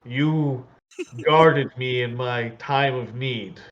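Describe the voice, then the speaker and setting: A man's voice: medium pitch, very slow, dull audio. A man playing a grizzled, commanding captain. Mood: measured.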